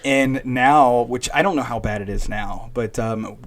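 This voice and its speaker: A man, a podcast co-host, telling an anecdote in relaxed, rambling casual chat. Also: medium pitch, measured pace.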